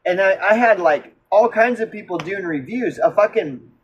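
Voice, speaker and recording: Profane, animated high-voiced man. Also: moderate pace, lo-fi sound, slight background noise. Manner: profane, animated, with frequent fillers and restarts. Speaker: musician. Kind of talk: casual storytelling monologue.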